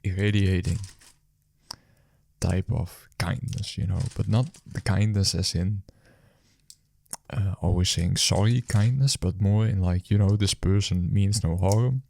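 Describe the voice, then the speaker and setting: A man's voice: deep voice, fairly even intonation, a little slow, creaky, darkish tone. A man who works as a food delivery rider, casually telling a story after his shift in a rambling, hesitant way full of fillers and restarts.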